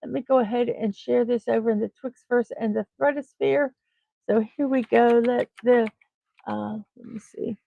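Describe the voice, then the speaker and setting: A woman hosting a casual morning livestream, with a somewhat high, gravelly voice. She chats in a scattered way and narrates her own steps as she goes. The sound is tinny, phone-like and dry. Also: fairly even intonation, moderate pace, no echo. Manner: chatty, scattered, talks herself through tasks. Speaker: host of a daily morning livestream.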